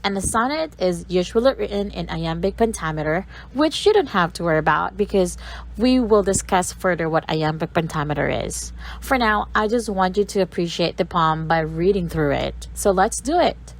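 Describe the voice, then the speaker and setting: A woman's voice: lowish voice, lively intonation, normal speed, creaky, low-quality recording. A woman from the Philippines presenting a recorded literature lesson, reading a poem aloud and breaking down its sounds word by word.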